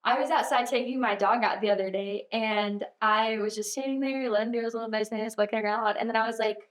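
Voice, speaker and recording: A woman's voice: a little high, steady tone, a little fast. A young woman co-hosting a podcast, chatting in an upbeat way with frequent laughs. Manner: upbeat, laughs a lot, says "like" often. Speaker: podcast co-host. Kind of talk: casual chat. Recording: echoey room.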